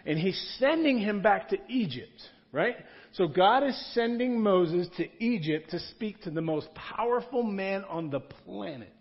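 A man's voice: sits high, lively intonation, measured pace, few pauses. A man, a pastor, preaching a sermon in a church room in a conversational style, repeating key words for emphasis. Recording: dull lo-fi sound.

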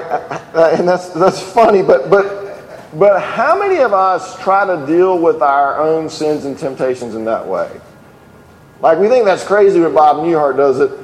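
Guy giving a sermon, kinda high voice, lots of uh and restarts, big echoey church hall. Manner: earnest, with fillers and restarts, acts out quoted lines. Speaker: pastor. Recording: echoey hall with long reverb.

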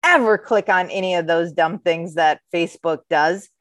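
A woman's voice: on the low side, moderate pace, a bit bright, no echo. A woman co-hosts a podcast and talks openly about her own life, rambling and poking fun at herself. The recording is close and dry, with no room sound. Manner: candid, rambling, self-deprecating. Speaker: podcast co-host. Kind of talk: casual chat.

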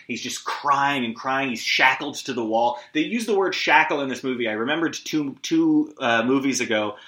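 Male podcast host, bright, sharp tone, rambling recap with profane asides, lo-fi echoey room. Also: medium pitch. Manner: rambling, scattered, swearing, self-deprecating asides. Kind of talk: solo movie recap.

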